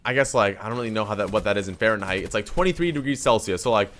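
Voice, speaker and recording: A man's voice: fairly low pitch, racing. Young Canadian man telling a story. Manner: animated, swears freely, acts out quoted lines. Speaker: vlogger. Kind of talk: casual storytelling to camera.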